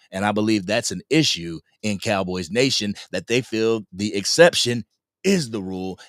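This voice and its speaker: A man hosting a live-stream sports fan podcast, talking in a slangy, animated way and reading out comments from the chat. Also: on the low side, no room sound, clean studio sound. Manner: animated, slangy, laughs often. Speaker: podcast host.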